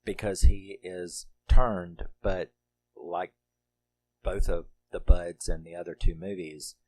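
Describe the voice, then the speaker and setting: A man's voice: deep voice, steady tone, slow, dark tone. A middle-aged man reviewing a horror movie in casual, rambling talk, laughing often and swearing freely.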